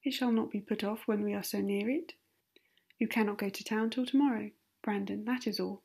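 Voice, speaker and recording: A woman's voice: medium pitch, fairly even intonation, brisk, gravelly, a little mellow, breathy edge. Woman voicing a jovial insistent country squire. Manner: boisterous, insistent. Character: hearty, jovial country gentleman. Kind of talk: whispered role-play.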